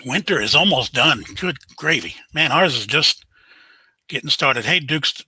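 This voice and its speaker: A man's voice: a little high, animated, measured pace, pushed and bright, breathy edge, no echo, poor audio. An older man, hosting a casual live stream, chatting and greeting viewers by name.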